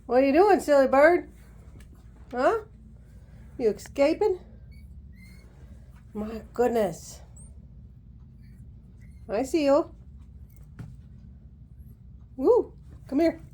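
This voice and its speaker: High, lively woman coaxing her pet. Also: drawn-out words, pauses often. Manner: playful, teasing, sing-song coaxing. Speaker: pet owner filming her parrot. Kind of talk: casual talk to a pet. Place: home, indoors.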